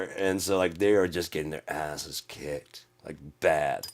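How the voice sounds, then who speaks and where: A man's voice: very deep voice, a little slow, hardly any pauses. A man telling a comic story in a casual, profane way, acting out what people said. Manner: profane, animated, acts out quotes. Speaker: channel host.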